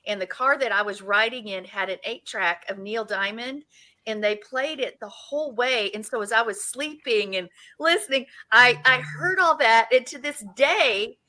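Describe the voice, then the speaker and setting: Woman around 60, bright voice, slightly high, chatty co-host, animated storyteller. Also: moderate pace, rough recording. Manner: animated storytelling with frequent restarts. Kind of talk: casual chat.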